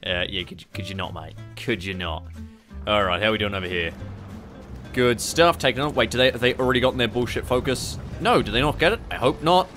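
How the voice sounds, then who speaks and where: A man's voice: fairly low pitch, fairly quick, soft background music. Sweary Australian man commenting on a strategy game. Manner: sweary, excitable, sarcastic asides. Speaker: gaming YouTuber. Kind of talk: casual gameplay commentary.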